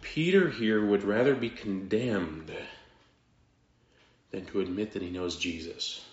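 A man preaching a sermon as pastor, in a slow, dramatic delivery with pauses and sudden drops to quiet. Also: lowish voice. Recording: echoey room, dull lo-fi sound.

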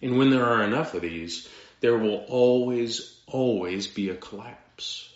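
Man giving a sermon, slow and dramatic, goes quiet for effect, echoey room, muffled lo-fi sound. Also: mid-range voice. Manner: slow, dramatic delivery with pauses and sudden drops to quiet. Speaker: pastor.

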